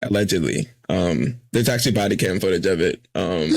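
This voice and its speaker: A lower-pitched man talks sports in an easygoing podcast style, piling up fillers and restarts and slipping into quoted dialogue now and then. The sound is dry and close, with hardly any room around it. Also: a little fast, gravelly, no echo. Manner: loose, filler-heavy, acts out quotes. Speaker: podcast co-host. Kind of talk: casual chat.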